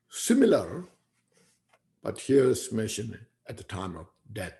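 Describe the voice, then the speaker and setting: A male Buddhist teacher delivers a Dharma talk at a slow, deliberate pace. His voice has a gravelly, creaky edge. He speaks reflectively and keeps tagging his points with "you see" and "you know.". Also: lowish voice, big pitch swings, warm tone.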